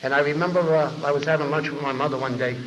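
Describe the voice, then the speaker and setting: A man tells his story at a recovery meeting, rattling along at a fast clip and acting out other people's lines as he goes. His voice sits a little high for a man. The 1990 tape sounds muffled, and his words ring out with a long hall reverb. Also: slight background noise. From New York. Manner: animated storyteller who acts out others' lines. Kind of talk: storytelling talk to a large audience. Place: large convention hall.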